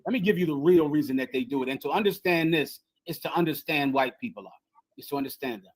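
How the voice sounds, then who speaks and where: A woman's voice: deep voice, fast, breathy edge, low-quality recording. Impassioned woman lecturing on a livestream. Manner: emphatic and preachy, repeats phrases for effect. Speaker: livestream host and teacher. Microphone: streaming software on a video call.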